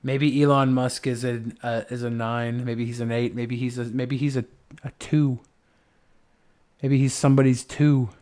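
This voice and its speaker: A man's voice: mid-range voice, little pitch movement, normal speed, darkish tone. A young man hosting a livestream, chatting casually in a rambling, playful way with lots of swearing. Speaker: livestream host.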